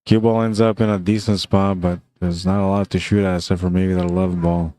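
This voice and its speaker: Low, mellow-voiced male pool commentator. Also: little pitch movement, brisk. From Canada. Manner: laid-back, chatty, says "man" often. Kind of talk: casual live commentary.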